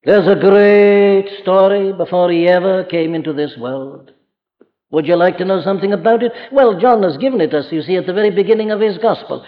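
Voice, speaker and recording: A man's voice: sits high, fairly quick, in a large hall. A man with a Welsh accent preaching a sermon, earnest and emphatic, speaking directly to his listeners. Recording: dull lo-fi archive recording.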